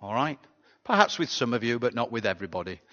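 A pastor giving a sermon in a chatty, conversational way, often asking the congregation rhetorical questions. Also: male voice, medium pitch, sing-song, fast, fairly bright tone. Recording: dull sound with long hall reverb.

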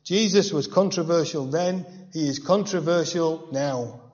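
A man's voice: fairly high pitch, a little slow, a little mellow. A man preaching a verse-by-verse Bible teaching in a conversational way, with personal asides and rhetorical questions. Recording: dull, reverberant hall sound.

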